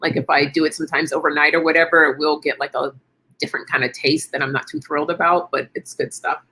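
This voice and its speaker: A middle-aged woman streams a casual wellness chat, talking fast in a low, husky voice that's bright and forceful yet flat in delivery. She stays chatty and encouraging, thinking aloud as she replies to viewers.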